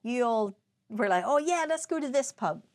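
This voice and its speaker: A young woman with a fairly high voice that swoops all over as she tells a tale. She swears freely and acts out what she said back then, in a casual chat between podcast co-hosts. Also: normal speed. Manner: animated storyteller, swears freely, acts out her own past lines. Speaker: podcast co-host.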